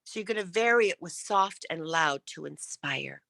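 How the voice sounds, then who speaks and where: A woman coaching public speaking in an online workshop, enunciating every syllable crisply and switching between loud and whispered speech. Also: lowish voice, lively intonation, normal speed, no room sound.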